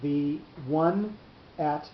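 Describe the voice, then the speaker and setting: Guy teaching a torah reading class, patient and slow, kinda muffled echoey recording. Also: on the high side, a little hiss or hum. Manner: patient, explanatory, drawn-out pauses. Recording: echoey room, muffled lo-fi sound.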